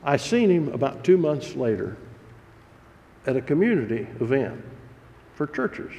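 A pastor preaching a sermon, telling stories in a folksy, earnest way. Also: male voice, mid-range voice, big pitch swings, unhurried, mellow. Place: church sanctuary. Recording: long reverb of a large hall.

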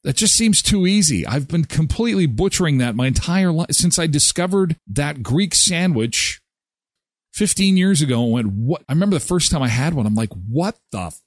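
A man's voice: a little high, lively intonation, a little fast, no echo, clean studio sound. A man hosting a morning show, chatting casually and rambling with self-mocking asides. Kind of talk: casual live radio chat.

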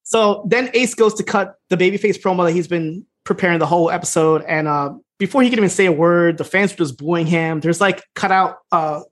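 A man's voice: high voice, a bit bright. A man co-hosting a podcast, loosely retelling an episode in casual chat and acting out the lines he quotes. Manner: fast, loose retelling with voiced quotes and laughs. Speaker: podcast co-host.

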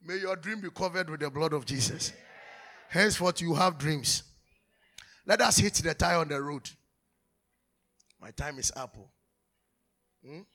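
A man preaching, his voice high and bright. He teaches from the pulpit in an animated way, acting out anecdotes and laughing often. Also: measured pace, pauses often. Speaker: pastor. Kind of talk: sermon.

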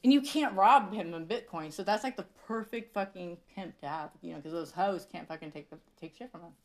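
A woman's voice: lowish voice, brisk. A woman hosting a podcast in casual chat, telling stories with lots of swearing and laughter. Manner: profane, laughing storyteller. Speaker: podcast host.

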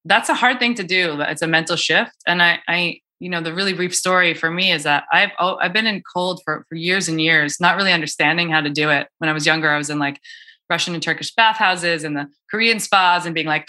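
A woman's voice: fairly low pitch, steady tone, brisk, bright, forceful tone. A woman coaching on cold exposure, chatting casually with many fillers and restarts. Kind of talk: casual podcast conversation.

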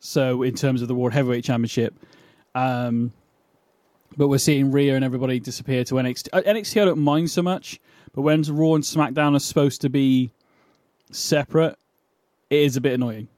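A man's voice: medium pitch, a little fast, darkish tone, dry recording, clean studio sound. A man co-hosting a wrestling podcast in casual chat, thinking aloud with ums and tag questions. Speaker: podcast co-host.

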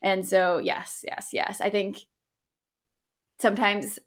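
A woman coach talks through ideas in a relaxed, reflective way, her mid-range voice dotted with fillers and easy laughter. She sounds like she is chatting, not lecturing. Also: medium pitch, slow. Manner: warm, reflective, laughs easily, many fillers. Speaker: guest coach. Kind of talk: casual conversational interview.

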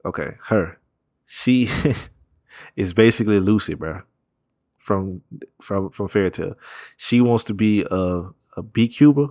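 Speaking slowly with long pauses, a very low-voiced man with a darkish tone rambles casually through his points, sprinkling in slang and swearing and laughing readily. The recording is dry and close, free of room echo.

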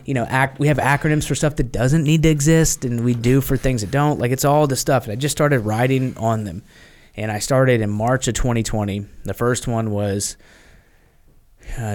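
A man's voice: mid-range voice, normal speed. A man, a podcast guest, telling stories in casual chat and acting out quoted voices, with many fillers.

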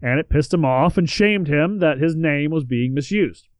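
A man's voice: fairly high pitch, animated, moderate pace, no room sound. A man co-hosting a podcast, reading out history in a casual way with joking asides and the odd swear word. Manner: reads facts then adds joking asides and swearing. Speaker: podcast co-host.

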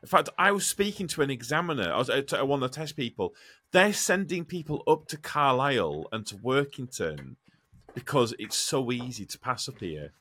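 A man co-hosting a trucking podcast. He tells stories in casual chat, swears freely, and gets animated. His voice is bright and his pitch swings a lot. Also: moderate pace, breathy edge. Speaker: podcast co-host, truck driver.

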